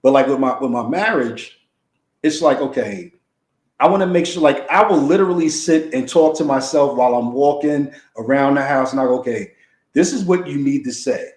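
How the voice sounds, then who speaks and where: A man's voice: mid-range voice, normal speed, a little mellow. A man in casual conversation, talking reflectively and colloquially about his marriage and how he holds back his feelings. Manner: reflective, colloquial, thinks aloud. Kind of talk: casual chat. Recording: roomy echo.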